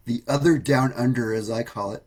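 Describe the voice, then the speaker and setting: A man's voice: mid-range voice, moderate pace, a little mellow. A man hosting a podcast, breaking in with laughing, joking remarks during a casual chat. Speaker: podcast host. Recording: noisy line with clicks.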